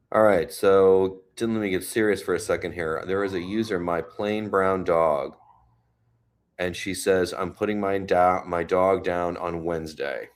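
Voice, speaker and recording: A man's voice: low-pitched, fairly even intonation, unhurried. A man hosting a casual livestream from home, chatting and reading viewer comments aloud. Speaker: livestream host. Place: home, New York City.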